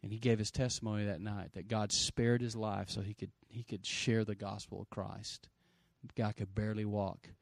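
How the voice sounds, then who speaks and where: A middle-aged pastor preaching an energetic sermon, swinging from loud bursts to hushed stretches and calling for amens. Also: male voice, lowish voice, moderate pace, vocal fry, dry recording, clean studio sound. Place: church sanctuary.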